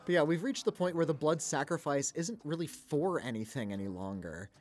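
A male film critic chats about a movie on a podcast, his voice a touch higher than most men's. He talks loosely and conversationally. He keeps breaking into laughter between his points. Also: expressive, a little fast, a little mellow, faint music behind. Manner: chatty, laughs often. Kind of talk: casual film discussion.

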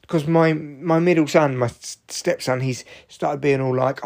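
A man's voice: on the high side, moderate pace, creaky, hardly any pauses, darkish tone. A man in his forties, tired and achy, rambling through a sweary, jokey solo podcast monologue. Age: 40s. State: tired, achy after exercise. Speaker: podcast host.

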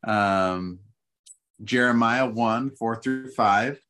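A man's voice: mid-range voice, very slow, fairly bright tone. A man who teaches seminary, chatting casually about planning scripture lessons and rambling through fillers and restarts. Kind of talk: casual teaching-prep chat.

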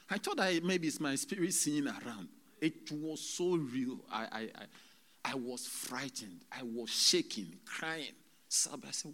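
A man preaching a sermon to a congregation, swinging between loud exclamations and hushed, whispered retelling, halting often as he speaks. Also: mid-range voice, animated. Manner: halting, with many restarts and drawn-out words. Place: church service.

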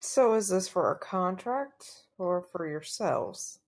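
A woman player in a tabletop game, speaking in character with wary, flat protests. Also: lowish voice, takes it slowly.

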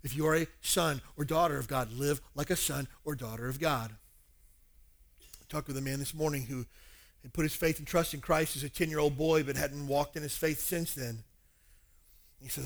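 A male pastor preaching a sermon, animated and acting out dialogues. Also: fairly high pitch, normal speed.

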